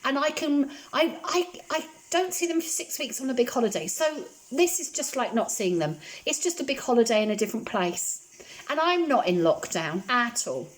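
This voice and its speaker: Woman home cook vlogging from her kitchen, chatty and reassuring, voice on the higher side. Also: expressive, normal speed. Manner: chatty, reassuring, repeats phrases for comfort. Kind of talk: casual chat while cooking.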